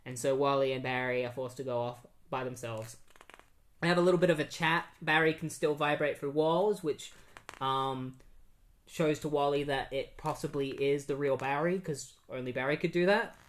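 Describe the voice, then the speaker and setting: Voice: medium pitch, normal speed. A podcast host casually recapping a comic book issue, chatty and with many fillers.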